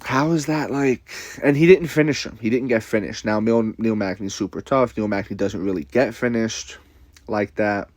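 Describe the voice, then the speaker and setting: A man's voice: lowish voice, normal speed, a little mellow, dry recording, clean studio sound. A man ranting casually to camera with a blunt, profane, rambling manner, repeating himself. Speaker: commentator.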